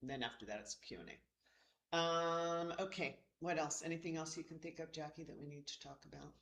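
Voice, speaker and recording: A man leading a real estate office meeting in a loose, halting way, with many restarts. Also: fairly high pitch, pushed and bright. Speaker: brokerage meeting leader. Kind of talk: casual office meeting talk. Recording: echoey meeting room.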